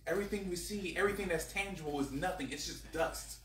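Earnest praying guy, kinda high bright voice, far from the mic. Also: fast talker. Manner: earnest, repeating thanks. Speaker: prayer leader. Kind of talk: spoken prayer. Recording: echoey room from far off, faint noise.

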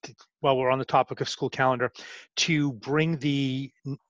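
A man chairing a school committee meeting over a video call, brisk and polite. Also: mid-range voice, fairly even intonation, fairly bright tone, dry recording. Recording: dry, lo-fi call audio.

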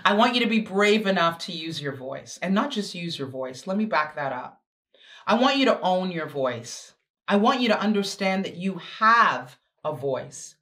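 A woman's voice: fairly low pitch, expressive, moderate pace, fairly bright tone. A woman giving a motivational talk to teenage girls, with emphatic, repetitive exhortations and chatty, sassy asides. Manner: emphatic, repetitive exhortation with sudden swings in pace. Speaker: guest speaker.

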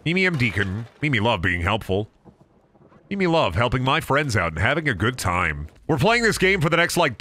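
A young man streaming a video game, ranting and joking with lots of swearing. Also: mid-range voice. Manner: profane, jokey rants, swings into loud silly bits. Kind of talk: casual gameplay commentary.

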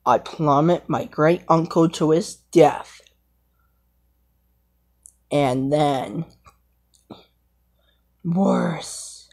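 A brave young male lion played by a woman speaks in a lowish voice and drags his words out very slowly. He rambles and stops to hunt for words. It sounds like an amateur fan role-play. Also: darkish tone, husky, full character voice. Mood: earnest. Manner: rambling, hesitant, halting.

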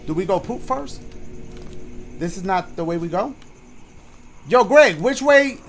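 A man's voice: high-pitched, expressive, a little slow, pauses often, faint music behind. A man giving let's-play commentary, joking with the audience and his partner, then muttering nervously. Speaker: gaming YouTuber.

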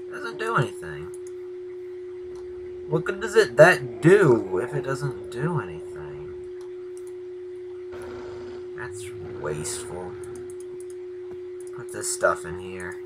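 Young guy doing game commentary, goes way up and down in pitch, hiss behind him. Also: takes it slowly, pauses often. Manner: excitable, yells at the game, then mutters quietly. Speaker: gaming channel host. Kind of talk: Let's Play commentary.

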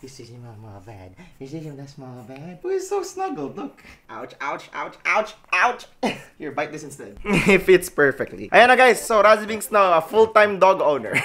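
Playful Filipino man, very lively pitch. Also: normal speed. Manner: playful, mixes English and Tagalog, coos at his dog. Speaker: vlogger. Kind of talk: casual vlog chat. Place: at home and outside on a walk.

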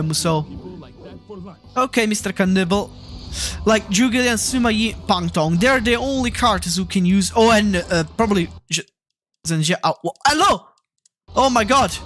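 A man's voice: high voice, fairly bright tone. A man hosting a gaming channel, chatting casually over gameplay, rambling, repeating himself and getting heated and swearing.

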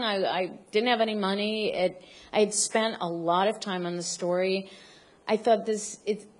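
A middle-aged woman telling a funny personal story on stage, halting and self-deprecating, often restarting her sentences. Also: mid-range voice.

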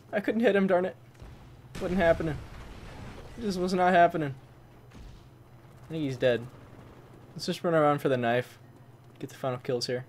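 A man doing excitable gameplay commentary, who swaps swear words for mild ones like "fudge" and breaks into loud, high-pitched outbursts. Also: moderate pace, long pauses. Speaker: gaming channel host. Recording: faint game noise behind. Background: gunfire from the game.

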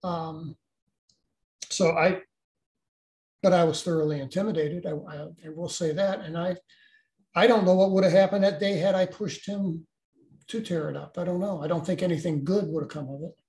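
An older man, a guest, recounting a personal experience in a halting way with many restarts. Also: high voice, steady tone, darkish tone, roomy sound.

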